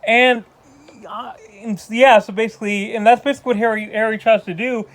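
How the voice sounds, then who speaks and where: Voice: mid-range voice, fairly even intonation, fairly quick. A movie reviewer ranting casually, exasperated and rambling with lots of restarts. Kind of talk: casual spoken film review.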